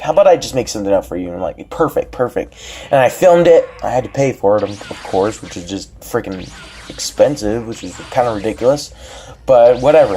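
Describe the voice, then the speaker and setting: A young man telling a story on his vlog, excitable and rambling with many restarts. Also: medium pitch. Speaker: vlogger.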